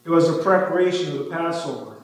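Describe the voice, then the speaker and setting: A man's voice: fairly high pitch, fast, a little hiss or hum. A man giving a dramatic scripture reading, lifting his voice for the quoted speech. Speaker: scripture reader. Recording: very echoey room, distant mic.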